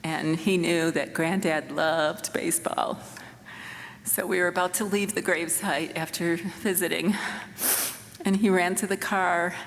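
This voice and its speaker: A woman in her sixties giving a eulogy for her son in a church, speaking in a tender, halting way with soft rueful laughs. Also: fairly low pitch, steady tone, vocal fry, slight background noise. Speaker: mother of the deceased giving a eulogy. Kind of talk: memorial eulogy. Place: church sanctuary. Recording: reverberant church with faint room ambience.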